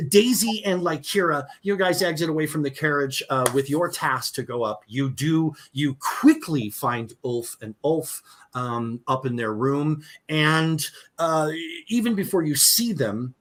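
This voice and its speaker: A man's voice: medium pitch, fairly bright tone. Casual male game master narrating. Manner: casual, filler-heavy narration.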